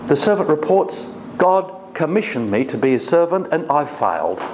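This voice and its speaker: Man lecturing a class, slightly high voice, faint hiss. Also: big pitch swings, moderate pace, a little mellow. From Australia. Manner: questioning students, paraphrasing the text. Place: college classroom.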